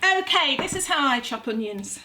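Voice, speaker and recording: With a fairly high, bright voice and lively intonation, a gardening vlogger in middle age walks through a recipe at home at a moderate pace. Her talk is chatty and self-deprecating as she cooks, and background noise can be heard.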